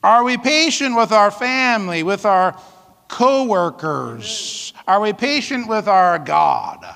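A male pastor delivers a sermon in a high, bright voice with a gravelly edge. He preaches in a folksy, storytelling way, full of asides. The sound rings out with a long hall reverb. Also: animated, slow pace.

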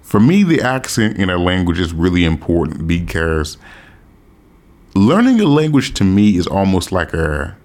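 A man giving casual, profane advice to his viewers, animated and emphatic, often repeating himself. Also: low voice. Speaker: language learning vlogger. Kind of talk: casual advice monologue to camera.

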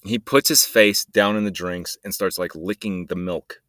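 A man's voice: low voice, moderate pace, fairly bright tone, dry recording, studio quality. A man hosting a solo podcast, rambling and joking in a meandering way and trailing off mid-sentence. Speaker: podcast host.

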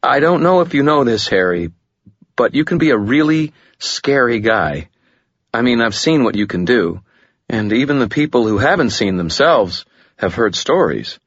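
A man's voice: mid-range voice, animated, moderate pace, breathy edge, no room sound, voice pushed up. A man voicing an anxious, earnest young male friend who speaks carefully and hesitantly. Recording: dull lo-fi audiobook recording.

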